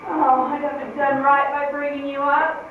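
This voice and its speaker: A woman's voice: sits high, flat delivery, normal speed, lightly acted. A woman playing a weary, guilt-ridden aunt raising her nephew in an amateur stage play, tired and pleading, close to tears. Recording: distant, echoey, tinny stage recording with noise.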